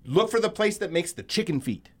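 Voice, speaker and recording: A man's voice: high voice, lively intonation, fairly quick. A man co-hosting a podcast, telling loose, profane stories with lots of laughter in casual chat. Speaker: podcast co-host.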